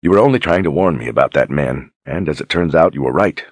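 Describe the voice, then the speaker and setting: A man's voice: extremely low pitch, animated, fast talker, slightly rough, dry recording, heavily acted. A man voicing an earnest, humble young lord in an audiobook, apologetic and plain-spoken.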